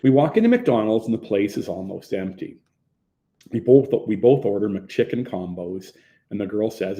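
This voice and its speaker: A man narrating his own memoir as an audiobook in a plain, low-key manner. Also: animated, normal speed, warm tone. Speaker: author reading his own book.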